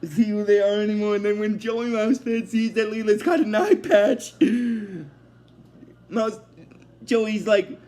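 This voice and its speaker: A man's voice: high voice, unhurried, pauses often, darkish tone. A young man casually recapping a cartoon episode, rambling with lots of fillers. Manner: rambling, many fillers like "basically" and "uh".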